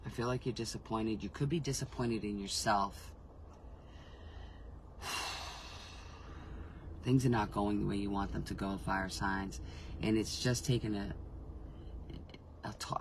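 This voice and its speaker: An intuitive reader gives a casual spiritual reading in a fairly low voice at normal speed, pausing often. Frank and emotionally reactive, he rambles, keeps restarting sentences, and swears freely, on a low-quality recording with slight background noise.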